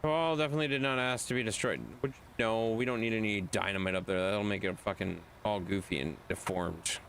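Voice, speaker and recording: A man streaming a game live, joking and swearing with his friends in lively banter. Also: fairly low pitch, fast talker, a little hiss or hum. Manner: excitable, profane, joking.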